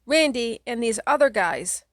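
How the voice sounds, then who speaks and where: A woman's voice: a little high, expressive, unhurried, no room sound, clean studio sound, voice pushed up. A woman voicing a scared little girl who whines, pleads and shrieks in a storybook reading. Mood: whining.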